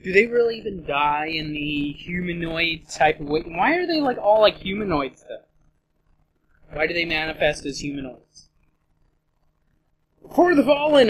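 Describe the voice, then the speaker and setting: A man's voice: high voice, fairly bright tone, a little hiss or hum. A man giving profane, rambling let's play commentary and getting easily frustrated with the game. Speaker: gameplay commentator. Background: game music.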